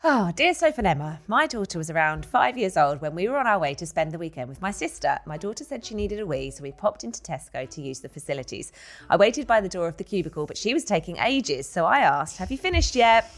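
Woman, 30s, podcast co-host, giggly, very lively pitch. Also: quick pace. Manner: giggly, laughs through her reading. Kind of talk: casual chat, reading listener letters.

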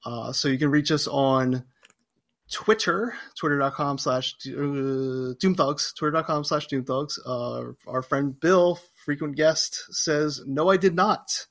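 A man hosts a casual podcast and works through listener mail. His voice sits a little high, and he keeps things loose and joking. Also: slow pace, fairly bright tone. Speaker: podcast host.

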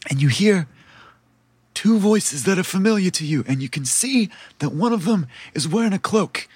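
A man narrating as game master in a relaxed, chatty, laid-back way. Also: high-pitched, breathy edge, dry recording.

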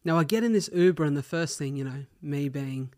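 A man's voice: on the high side, brisk, darkish tone. An Australian man hosting a solo podcast, telling stories in a chatty, slangy way and swearing casually. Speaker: podcast host.

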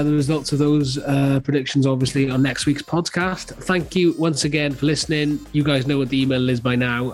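A man's voice: a little high, a little mellow. A man hosting a casual football podcast, jokey and leading the segments. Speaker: podcast host.

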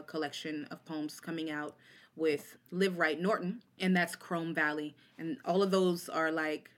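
A woman in her forties with a somewhat low voice tells stories from her life. She keeps the talk casual and animated, dropping into quoted voices as she goes. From Oakland, California. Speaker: poet and guest. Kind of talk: casual interview storytelling.

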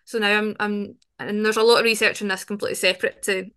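A woman's voice: mid-range voice, flat delivery, fast, a bit bright, smooth. A woman, a podcast guest talking openly and chattily, with frequent restarts. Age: 20s. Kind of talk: conversational interview.

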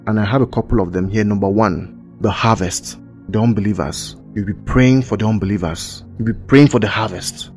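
A man's voice: medium pitch, dark tone. Earnest man teaching from Scripture. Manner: earnest and emphatic, builds repeated lists. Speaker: podcast host and Bible teacher. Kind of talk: podcast Bible teaching. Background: faint ambient worship music.

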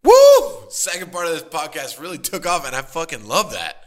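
A male podcast co-host with a bright, sharp voice that jumps around a lot in pitch. He is playful and eager, jumps in with quick jokes and swears without a second thought. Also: animated. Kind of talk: casual chat.

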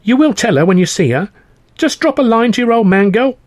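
A man voicing an excitable older seaside father who talks in urgent, conspiratorial bursts and jumps into high, fussy tones. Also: fairly quick, dry recording, studio quality, full character voice. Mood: jovial, fussy.

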